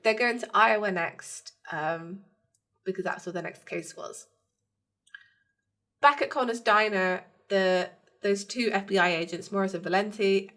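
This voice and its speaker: A woman co-hosts a podcast and recaps a TV episode in a casual, chatty way. She laughs easily and slips into the characters' lines as she retells scenes. Her voice sits at an ordinary middle pitch. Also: a bit bright. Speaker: podcast co-host.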